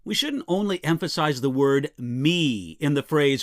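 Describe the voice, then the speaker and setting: A male pastor teaching a short devotional in a fairly high, animated voice that rises and falls a lot. He leans on key words and lets deliberate pauses land. The sound is close and dry, with no room around it. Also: no room sound. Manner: expressive, emphatic reading with deliberate pauses. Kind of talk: daily devotional Bible teaching.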